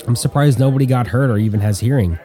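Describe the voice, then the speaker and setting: A man's voice: medium pitch, fast, mellow, natural voice. A man voicing a tired, wisecracking male airman who talks bluntly. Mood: wry.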